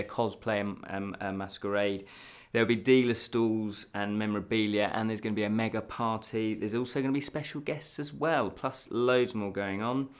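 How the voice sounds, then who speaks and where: A man hosts a casual fantasy news show, chatty and laughing at his own slips. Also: medium pitch.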